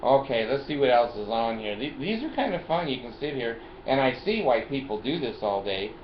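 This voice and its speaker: A man's voice: mid-range voice, sing-song, fairly quick. Older male vlogger in his car, jokey, talkative, salty language; roomy, muffled recording. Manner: chatty, laughs often, jokey and profane. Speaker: video host. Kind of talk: casual vlog, showing his phone and car gadgets. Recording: roomy, dull lo-fi sound, faint noise.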